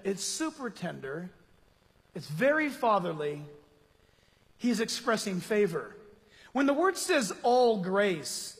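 High-voiced preacher in a reverberant hall. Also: male voice, breathy edge. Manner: animated, conversational preaching with rhetorical questions. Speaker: pastor. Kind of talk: sermon.

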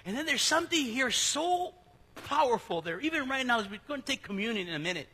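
High, lively preaching man. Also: fast, slightly rough. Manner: lively, jokey preaching that asks the congregation questions. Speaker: pastor. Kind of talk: sermon. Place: church, before a congregation.

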